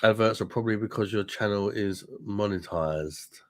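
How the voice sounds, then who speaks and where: A middle-aged man with a low, deep voice talks casually to his live-stream viewers over a webcam mic. He is blunt and laughs often. He swears freely and calls everyone mate. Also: normal speed. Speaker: beer reviewer and live-stream host.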